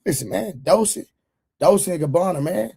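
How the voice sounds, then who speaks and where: Hoarse man hosting a casual livestream. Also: high-pitched, lively intonation, moderate pace, mellow. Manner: loose slangy banter, repeating "man" and "come on". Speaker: livestream show host. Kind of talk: casual livestream chat with viewers.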